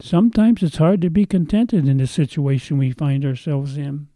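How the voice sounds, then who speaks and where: Brief: man preaching a sermon, slightly high, mellow voice, earnest drawn-out emphasis. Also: no echo. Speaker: pastor.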